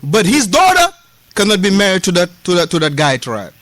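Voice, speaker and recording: This West African man's voice sits high and swings hugely in pitch, moving a little fast with a fairly bright, echo-free sound. As an Islamic lecturer explaining a classical text in a mosque lesson, he speaks emphatically, repeats key phrases, blends Arabic terms with street slang, and performs the quoted dialogue.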